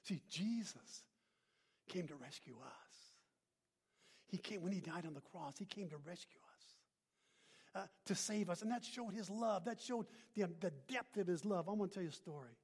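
A male pastor with a notably high voice preaches a sermon, building to emphatic peaks and then dropping to near-whispers. He calls out to the congregation for a response. His voice carries long reverb through a large church. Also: animated, normal speed, husky. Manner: call-and-response, rising emphatic then hushed.

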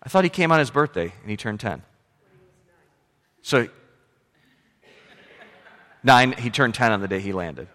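A man preaching a sermon as pastor, moving from quiet storytelling into loud, emphatic exhortation. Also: mid-range voice, sing-song, a little slow, pauses often, big-room sound.

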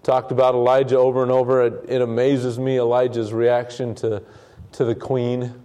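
A man preaches a Bible lesson in a relaxed, conversational way. His voice is mellow and sits in a middle pitch. He often repeats a word as he goes and briefly acts out the complaining voices in the passage. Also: normal speed. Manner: conversational, repeats words, dramatizes quotes. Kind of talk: sermon, Bible study teaching.

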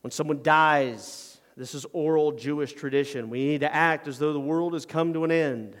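A man preaching a sermon in a church. He swings from quiet, low passages to loud, emphatic ones. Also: big-room sound. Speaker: pastor.

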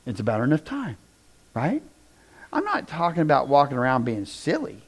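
A man with a medium-pitched voice preaches a sermon to a congregation at a normal speed, telling stories and closing in prayer. He's animated, acts out the people he quotes, and jokes with the room.

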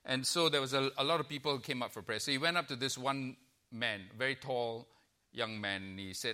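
Bright-voiced man preaching a sermon. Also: mid-range voice, brisk. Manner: warm storytelling with frequent uh fillers. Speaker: guest preacher. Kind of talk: sermon with a humorous anecdote. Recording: church service recording.

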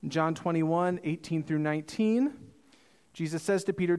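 A man preaching a sermon as pastor, earnest and emphatic, slowing down for quoted scripture. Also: fairly high pitch, a little mellow, clear, resonant tone.

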